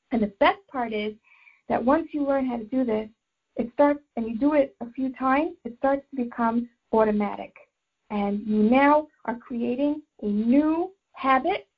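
High husky woman teaching a class. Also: highs cut off. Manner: warm explanatory teaching, repeats phrases while thinking. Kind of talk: Torah class with life coaching.

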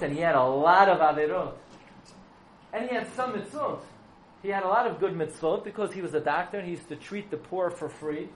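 A male preacher spinning a story with animated, dramatic delivery, his voice sitting somewhat high. The room echoes, and a faint hum of background noise sits underneath. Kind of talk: storytelling sermon.

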